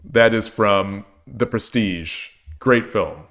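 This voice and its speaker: A man's voice: fairly low pitch, slow pace, a bit bright. A tired man in his forties chats casually with his stream audience. He rambles, circles back over his own words and jokes at his own expense. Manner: rambling, with frequent restarts and self-deprecating jokes. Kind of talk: casual chat while streaming games.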